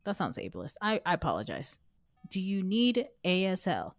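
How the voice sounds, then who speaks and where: Young woman gaming stream, low-ish voice, teasing the ghost, dry close sound. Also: wildly swooping pitch, normal speed, dry recording, soft background music. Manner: taunting, talking to the ghost. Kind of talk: live gameplay commentary.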